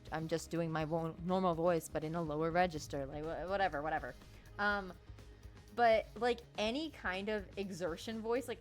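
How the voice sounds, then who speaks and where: Young woman streaming a game, chatty and giggly, cusses a bit, soft music underneath. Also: medium pitch. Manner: chatty, laughs often, swears casually. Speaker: streamer and voice actor. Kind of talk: casual game stream chat. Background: faint game music.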